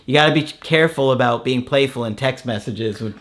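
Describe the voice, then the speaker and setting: A man chats easily as the host of a relationship-advice show. He tells stories in a loose, rambling way, full of fillers. His voice sits at an ordinary middle pitch. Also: brisk. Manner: relaxed, storytelling with many fillers. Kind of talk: casual podcast chat.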